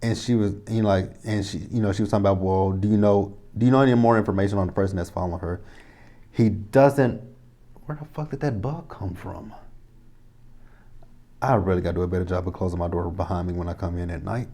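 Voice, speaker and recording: A man's voice: low-pitched, fairly even intonation, fast, warm tone. Profane, rambling man recapping a TV episode. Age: 30s. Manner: rambling, profane, exasperated asides. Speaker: TV episode reviewer. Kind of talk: casual recap and commentary.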